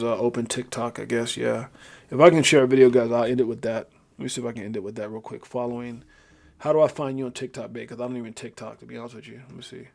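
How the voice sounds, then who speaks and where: A grieving man hosting a casual livestream, reading viewer comments aloud and talking haltingly with many fillers and restarts. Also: medium pitch, gravelly, a little mellow. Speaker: livestream host.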